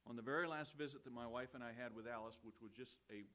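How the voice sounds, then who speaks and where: A male pastor giving a funeral eulogy in a warm, conversational storytelling manner, with gentle humor and repeated phrases for emphasis. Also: mid-range voice, quick pace.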